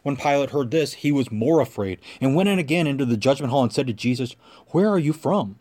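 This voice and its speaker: A man reading scripture aloud as lector, in a measured, clear narrating voice. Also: medium pitch, darkish tone.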